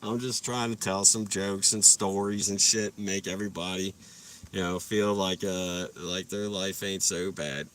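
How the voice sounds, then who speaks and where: A man's voice: low voice, fairly even intonation, unhurried, fairly bright tone, far from the mic, a little hiss or hum. A young man telling rambling, profane stories while sitting in his parked car, laughing at his own jokes. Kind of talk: casual storytelling livestream.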